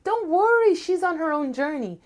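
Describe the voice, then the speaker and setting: Woman as a gentle sister star in a told folktale, high, calming and reassuring. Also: measured pace, heavily acted. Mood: soothing. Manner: coaxing, reassuring.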